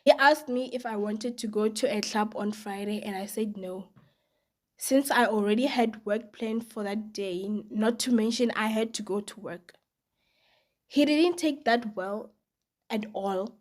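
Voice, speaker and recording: A woman's voice: on the high side, unhurried. Woman reading stories, sarcastic. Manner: casual, sarcastic asides. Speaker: storytime narrator. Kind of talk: reading online stories aloud.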